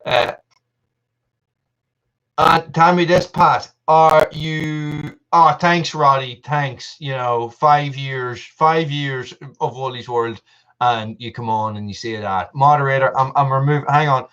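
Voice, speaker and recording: A man hosts a live stream from an upstairs room at home, rambling in a self-mocking way and breaking into laughs. His voice sits at an ordinary middle pitch for a man, and he keeps fiddling with his camera mic and desk mic as he talks. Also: fairly even intonation, takes it slowly, a bit bright, lo-fi sound. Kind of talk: casual live stream chat with viewers. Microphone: testing camera mic and desk mic.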